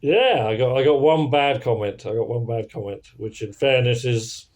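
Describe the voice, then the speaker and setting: A man's voice: medium pitch, normal speed, a little mellow. A man co-hosting a comedy podcast, talking casually in a dry, self-deprecating way. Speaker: comedian co-host.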